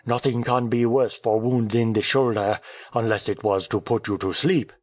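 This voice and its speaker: A man reading an audiobook, voicing a cheerful, talkative male French journalist who speaks in a brisk, airy, teasing way. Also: medium pitch, steady tone, darkish tone, no echo, studio quality, natural voice. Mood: breezy.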